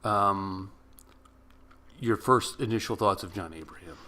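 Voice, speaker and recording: Man, very low voice, casual movie review chat, halting, ums and restarts. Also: sharp tone. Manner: hesitant, many ums and restarts. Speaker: movie review podcast co-host.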